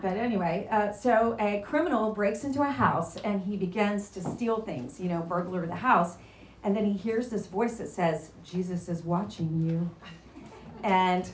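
A woman teaching a casual Bible lesson, chatty and quizzing her class as she goes. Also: mid-range voice. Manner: chatty, asks the class questions. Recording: roomy echo, faint background noise.

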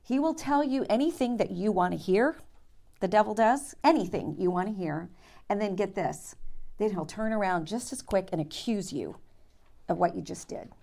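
A middle-aged woman leads a women's Bible study with a gravelly edge to her voice. She talks like a chatty storyteller and keeps checking in with her listeners. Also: mid-range voice, lively intonation, moderate pace, warm tone. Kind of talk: teaching and prayer to a women's group.

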